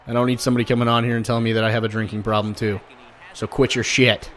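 A man commenting on his own baseball video game play, swearing and flaring up at bad pitches, and talking straight to his viewers. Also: little pitch movement, rapid-fire, a bit bright. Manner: swearing, frustrated outbursts at the game. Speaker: gaming YouTuber. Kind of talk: gameplay commentary.

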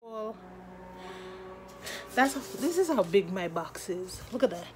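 A woman unboxing a gift box in a vlog, gushing and excitable, often repeating her words. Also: medium pitch, slow, faint music behind. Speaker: product reviewer.

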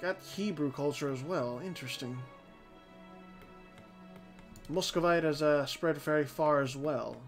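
A man giving casual, unscripted let's-play commentary as the channel host, swearing freely, thinking out loud and often restarting his sentences. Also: fairly high pitch, normal speed. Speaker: host of a strategy game channel. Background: faint background music.

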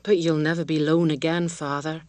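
A woman's voice: sits low, flat delivery, a little fast, a little mellow, no echo, natural voice. Woman reading as an artless, tender village girl. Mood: fond, ingenuous. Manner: ingenuous and tender, plain rustic speech.

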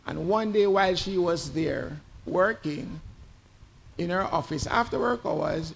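Man, eulogy, gravelly, slightly high voice, conversational storytelling. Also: a little hiss or hum. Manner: conversational, animated in the anecdotes. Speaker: tribute speaker at a funeral. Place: church.

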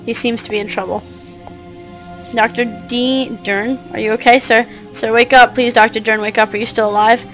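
A woman's voice: fairly high pitch, fairly even intonation, moderate pace, fairly bright tone, soft background music, close to an everyday voice. A woman voicing a troubled young girl who pleads anxiously with her cat and the adults around her. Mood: pleading.

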